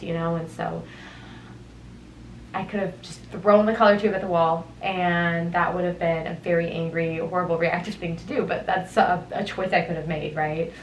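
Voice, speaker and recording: A woman's voice: fairly low pitch, slight background noise. Thoughtful young woman musing on a roomy podcast. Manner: thoughtful, meandering, with tangents and soft laughs. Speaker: podcast host. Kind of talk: reflective solo podcast talk. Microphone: headphones on, studio-style mic.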